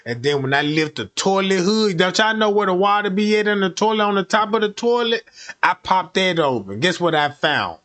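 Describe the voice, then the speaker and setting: A man's voice: high-pitched, animated, moderate pace, fairly bright tone. A man streaming, telling a crude comic story in a profane, rambling way and often checking that listeners follow.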